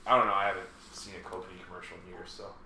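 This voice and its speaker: A man's voice: sits low, level tone, fast, sharp tone. A man co-hosting a podcast in casual chat, telling rambling stories with plenty of swearing. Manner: laid-back, rambling storyteller who swears often. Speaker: podcast co-host. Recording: roomy sound with faint background noise.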